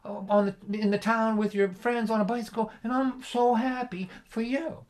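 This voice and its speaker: A man's voice: high-pitched, steady tone, moderate pace, pitched above the performer's own voice, close to an everyday voice. A man playing his stern steelworker father, who guilt-trips his son about a hard childhood. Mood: guilt-tripping.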